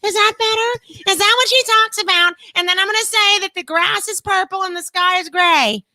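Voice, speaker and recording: A woman's voice: extremely high pitch, moderate pace, sharp tone, dry recording, voice pushed up, heavily acted. A woman putting on a mocking impression of a young woman politician, using whiny, nasal baby talk.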